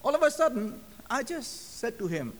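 A man's voice: very high voice, big pitch swings, normal speed. A male preacher from Myanmar, telling his testimony in a sermon and acting out the quoted dialogue. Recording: long hall reverb.

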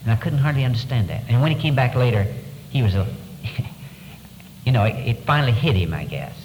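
A man telling a personal story from wartime captivity in an earnest, measured way, pausing as he goes. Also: mid-range voice, animated, a little mellow. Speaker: speaker recounting wartime captivity. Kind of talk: storytelling talk. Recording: echoey hall with background noise.

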